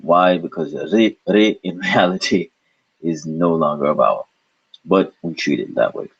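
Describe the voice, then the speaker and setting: A man's voice: low-pitched, normal speed, creaky, breathy edge. A man teaching a recorded language lesson, explaining patiently and asking and answering his own questions. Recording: dull lo-fi recording.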